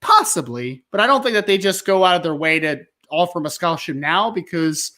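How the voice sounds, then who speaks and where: A man's voice: high-pitched, lively intonation, fairly quick, pushed and bright. A man co-hosting a casual sports talk show, rambling and laid-back, leaning on "like" and "man.". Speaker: podcast co-host.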